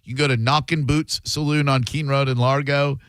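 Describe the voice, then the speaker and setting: A man's voice: mid-range voice, steady tone, brisk, a bit bright, clear, resonant tone, no room sound, low-quality recording. A man hosting a call-in radio show, brash and condescending, trading insults with callers. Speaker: radio host.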